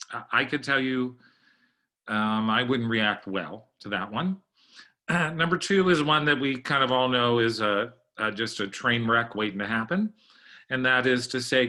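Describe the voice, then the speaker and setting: Brief: middle-aged male presenter, bright voice, relaxed webinar delivery, clears throat often. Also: mid-range voice, moderate pace. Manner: conversational, frequent throat clearing. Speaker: library workshop presenter. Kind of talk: training webinar talk.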